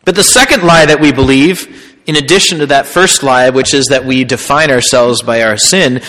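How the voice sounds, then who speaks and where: A man, a priest, preaching a sermon as a storyteller, swinging from loud punchy lines to hushed ones. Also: a little high, normal speed. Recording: long hall reverb.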